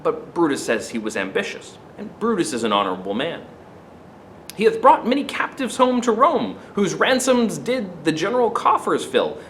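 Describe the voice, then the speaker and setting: A man reciting as a soft-spoken Roman orator. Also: high voice, big pitch swings, moderate pace, slight background noise, low-quality recording. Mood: hushed, persuasive. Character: grieving Roman orator, male, quietly persuasive.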